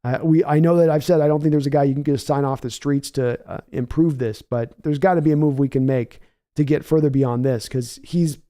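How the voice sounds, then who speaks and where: A man hosts a live game reaction stream with a slightly higher pitch and a mellow, soft tone. He rambles through opinionated analysis and stops to read viewer chat aloud, answering each comment in a casual, conversational way. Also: fairly quick. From United States. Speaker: livestream host.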